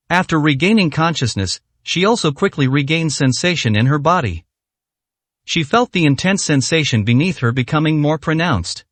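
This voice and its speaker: A man narrating a dramatic story in a scripted, expressive reading. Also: fairly high pitch, no room sound.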